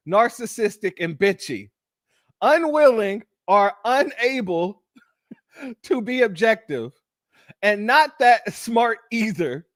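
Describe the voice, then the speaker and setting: Male commentary host, unhurried and chatty, higher register, dry close sound. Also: no echo. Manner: laughing, chatty, addresses audience as family. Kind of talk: reaction commentary.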